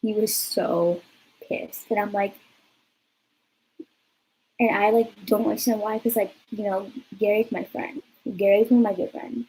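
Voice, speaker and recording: A woman's voice: mid-range voice, a little slow, long pauses, husky, low-quality recording. Chatty young woman telling a story. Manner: chatty, peppered with "like", lively retelling. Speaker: vlogger. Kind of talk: casual storytime vlog.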